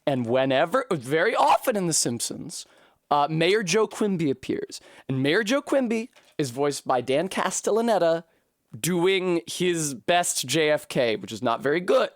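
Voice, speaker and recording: A woman streaming a video game, talking casually and profanely, rambling between tangents and breaking into high yelps and shrieks when things go wrong. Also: sing-song, a little slow, no echo, clean studio sound. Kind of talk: casual live-stream commentary while gaming.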